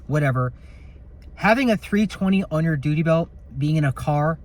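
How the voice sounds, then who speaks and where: A man's voice: a little high, animated, normal speed. Rambling man vlogging from a patrol car. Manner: rambling, joking, slightly profane. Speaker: security officer vlogger. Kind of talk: casual vlog while on patrol. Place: inside a patrol car at night. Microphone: phone camera in a car.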